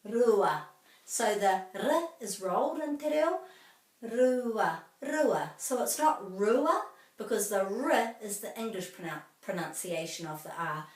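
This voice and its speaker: A woman's voice: medium pitch, animated. New woman teaching pronunciation. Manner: slow, careful drilling of words with repetition. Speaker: language teacher. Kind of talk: pronunciation lesson. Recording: echoey room, mic at a distance.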